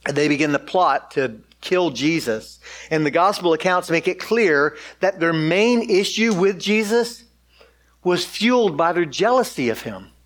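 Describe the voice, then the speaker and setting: A man's voice: on the high side, lively intonation, measured pace, fairly bright tone. A man preaching a sermon, reading scripture aloud and explaining it in a casual, conversational way with frequent "like.". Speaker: pastor.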